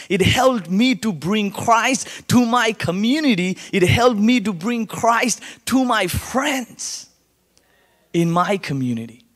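Animated Indian-accented man in echoing hall. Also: high voice. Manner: animated storyteller, acts out voices in quotes. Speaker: guest speaker sharing testimony. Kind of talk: church testimony to a congregation. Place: church sanctuary. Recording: long hall reverb.

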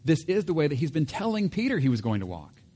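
A man's voice: a little high, big pitch swings, fast talker, mellow. A man preaching a sermon in a casual, conversational way, with asides and self-corrections. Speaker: pastor.

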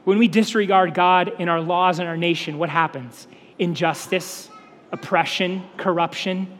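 Casting note: young male pastor, high voice, emphatic sermon delivery, big echoing sanctuary sound. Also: fairly even intonation, normal speed, fairly bright tone. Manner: earnest, emphatic preaching with repetition. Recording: long hall reverb.

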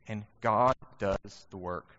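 A man preaching a sermon in a relaxed, conversational way, with many rhetorical questions. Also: lowish voice, slow. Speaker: pastor. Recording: muffled sound with long hall reverb.

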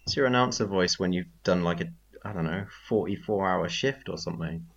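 Very deep-voiced rambling podcast man. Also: brisk, creaky, lo-fi sound, noisy background. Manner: rambling, self-correcting tangents. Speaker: podcast co-host. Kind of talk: casual chat.

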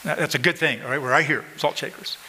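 A man's voice: on the high side, fast talker, pushed and bright, long reverb tail, slight background noise, rough recording. A man preaching a sermon to his congregation, emphatic and repetitive, pointing out people in the room. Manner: emphatic preaching, repeats phrases, addresses congregation directly. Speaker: pastor. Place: church sanctuary.

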